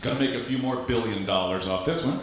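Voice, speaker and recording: A man from Louisiana doing live stand-up comedy on a club stage, with a punchy, animated delivery and vocal sound effects. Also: mid-range voice, quick pace, slight background noise. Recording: echoey live club recording. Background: audience laughter.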